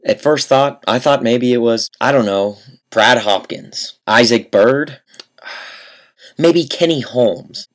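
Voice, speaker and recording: A young man telling a comic story to camera, deadpan and mock-earnest, with dramatic pauses. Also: mid-range voice. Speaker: vlogger.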